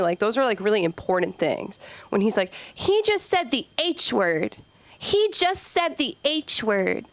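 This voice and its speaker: A woman in her twenties doing a rambling stand-up set at an open mic, acting out kids in squeaky voices. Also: dry recording. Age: 20s. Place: comedy club stage.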